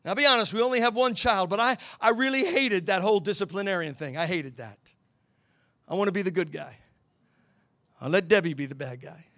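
A middle-aged man preaching a sermon in a church, telling a family story and building to shouts at the high points. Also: brisk. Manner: storytelling, swells to shouting at climaxes. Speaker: pastor.

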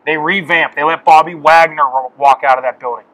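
A man co-hosts a casual sports podcast and introduces his guest with real excitement. His voice sits a little high and sounds bright and forward. He asks long, chatty questions. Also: fairly quick, low-quality recording. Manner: hyped, calls guest "brother". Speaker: podcast co-host.

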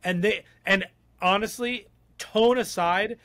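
A man's voice: high-pitched, slow pace, a bit bright. A man co-hosting a podcast in casual chat, talking bluntly and rambling with lots of fillers. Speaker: podcast co-host.

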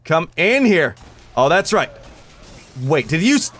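A young man giving excited live gameplay commentary, joking, shouting at opponents and dropping to low mutters. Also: unhurried, faint music behind. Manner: animated, jokey, swings from shouting to muttering. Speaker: gameplay reviewer.

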